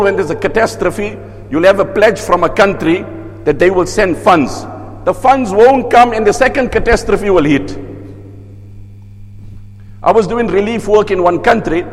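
A male preacher with a high voice tells stories with lively asides, breaking into chanted recitation. A long reverb trails each phrase, as in a large hall. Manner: storytelling, lively asides, mixes in Arabic recitation. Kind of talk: sermon.

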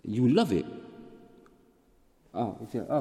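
A man's voice: mid-range voice, very animated, unhurried, mellow. A man leading a casual group question-and-answer session, chatty and storytelling, slipping in Urdu words. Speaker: community teacher leading a Q&A. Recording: echoey hall.

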